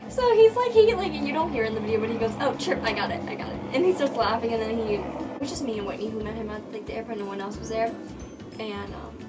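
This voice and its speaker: Speaking fast and out of breath, a young woman recounts a story for her vlog, repeating each line of dialogue and peppering it with "like." Her pitch is a little high. The mic is a bit far from her, and music can be clearly heard behind her.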